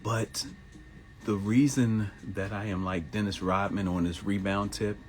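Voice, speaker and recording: A man in his thirties hosting a live motivational talk show, animated and laughing, who mimics people in high voices. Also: measured pace, soft background music. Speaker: host.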